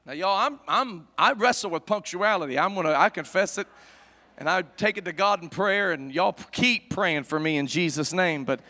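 A man preaching a sermon, impassioned, swinging from hushed storytelling to shouting. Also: sits high, lively intonation, normal speed. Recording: long reverb of a large hall.

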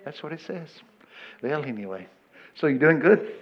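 A man, preaching a storytelling sermon. He jumps into high shouting voices for the people he quotes. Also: big pitch swings, moderate pace, highs cut off.

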